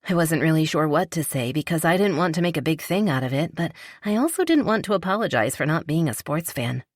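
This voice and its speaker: A woman's voice: sits low, animated, brisk, no echo, studio quality. A woman reading a polite, shyly playful young woman. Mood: earnest. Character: young wealthy woman, warm, slightly shy, playful. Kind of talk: audiobook character reading.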